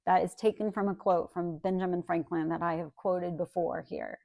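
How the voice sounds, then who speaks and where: A woman's voice: on the low side, steady tone, moderate pace, vocal fry, mellow, dry recording, studio quality. Conversational woman Bible teacher. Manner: conversational, frequent "right?" check-ins.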